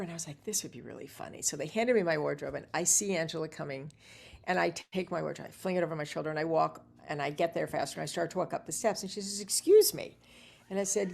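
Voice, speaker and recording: A middle-aged actress telling lively anecdotes as a guest, acting out the dialogue she quotes. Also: lowish voice, vocal fry. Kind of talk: casual interview storytelling.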